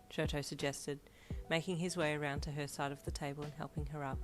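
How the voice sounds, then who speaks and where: Low-voiced woman narrating a story. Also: little pitch movement, fairly quick. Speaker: fanfiction narrator. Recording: soft lofi piano behind.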